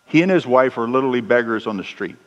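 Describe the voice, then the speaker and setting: A man preaching a sermon, telling stories and acting out the lines of the people in them, his pitch swinging high and low. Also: expressive, fast talker, a bit bright, highs cut off. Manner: storytelling with acted dialogue, pitch swinging up and down. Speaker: pastor. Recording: long echo of a large hall.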